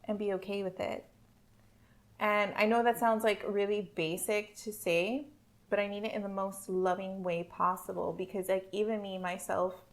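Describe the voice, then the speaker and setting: A woman hosts a relaxed podcast conversation in an earnest, supportive tone. She speaks in affirmations at a mid pitch. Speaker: podcast host. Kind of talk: casual chat.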